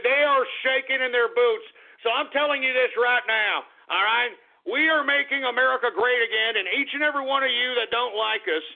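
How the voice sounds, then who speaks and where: A man hosting a talk radio show, ranting in a gloating, mocking way, shouting and cackling. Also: very high-pitched, vocal fry. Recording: phone-like lo-fi radio broadcast.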